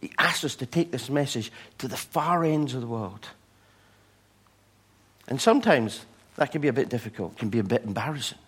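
Preaching at a moderate pace in a mid-range, slightly rough voice, this pastor shares personal anecdotes. When he quotes the people in them, he gives each one an animated voice.

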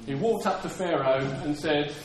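A man's voice: a little high, normal speed. A man preaching a sermon in an earnest way, often repeating words and acting out the lines he quotes. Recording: echoey room with faint ambience.

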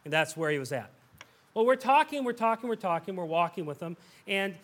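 Animated storytelling male pastor. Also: sits high, a little fast. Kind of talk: sermon.

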